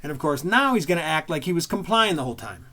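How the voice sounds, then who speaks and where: A man who is a former police officer breaks down bodycam footage in blunt, plain-spoken commentary. His voice sits a little higher than most men's, and he drops into street slang now and then. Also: lively intonation, fast talker, sharp tone.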